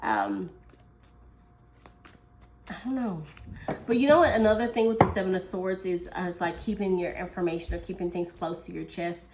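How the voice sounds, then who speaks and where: A woman's voice: on the low side, expressive, moderate pace, pauses often, background noise. A woman giving a casual tarot reading, chatty and thinking aloud, with fillers and frequent small laughs. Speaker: tarot reader.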